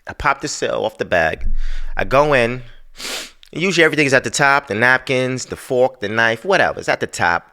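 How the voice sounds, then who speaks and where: A man's voice: mid-range voice, expressive, fairly quick, pushed and bright. A man hosting a podcast, telling a story in a casual, profane, exasperated rant. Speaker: podcast host.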